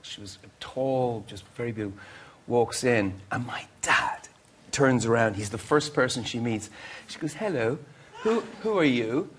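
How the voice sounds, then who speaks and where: A man's voice: fairly low pitch, a little hiss or hum. Rambling middle-aged man telling stories. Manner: rambling, self-interrupting storyteller acting out quotes. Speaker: guest musician. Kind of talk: anecdotal chat show storytelling.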